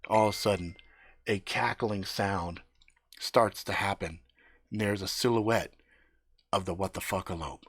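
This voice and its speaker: A man's voice: low-pitched, a little slow, long pauses, a bit bright, slightly rough, no echo. A man improvising a profane story live on stream, dropping laughing asides. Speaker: livestream storyteller.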